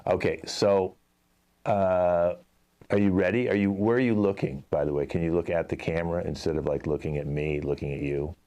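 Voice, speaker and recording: Deep-voiced exasperated director man. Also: fairly even intonation, normal speed, dark tone. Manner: exasperated, talky, many fillers. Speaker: improv show host, playing a commercial director. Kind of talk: improv comedy scene.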